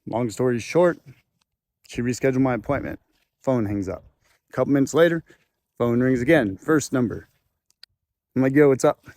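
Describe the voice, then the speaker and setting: A man's voice: mid-range voice, moderate pace, long pauses, a little mellow. Rambling man telling a story. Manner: rambling, loose, with fillers and restarts. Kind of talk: casual storytelling to camera. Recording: faint background noise.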